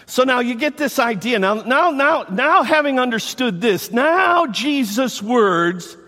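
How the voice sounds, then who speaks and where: Enthusiastic male pastor, sermon delivery, high voice, swooping intonation. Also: unhurried. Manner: enthusiastic, animated, repeats himself for emphasis. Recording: long reverb from the hall.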